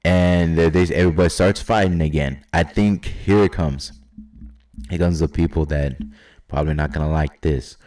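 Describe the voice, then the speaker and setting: A man talks casually on his own about his wrestling predictions, rambling and hesitating with many fillers and sometimes quoting imagined fans and wrestlers. His very deep, slightly mellow voice has fairly even intonation at a normal speed.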